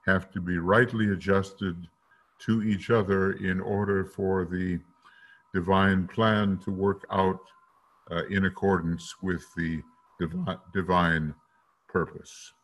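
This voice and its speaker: Slow deep-voiced man lecturing. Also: a bit bright, breathy edge. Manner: deliberate, sings note syllables to illustrate. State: rough morning voice. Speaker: teacher.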